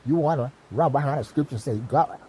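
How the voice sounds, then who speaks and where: Preachy man with a mellow, dark voice. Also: medium pitch, fast, slightly rough, poor audio. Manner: preachy, profane, repeats "you know what I mean". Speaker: self-styled teacher vlogger. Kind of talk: impassioned monologue to camera.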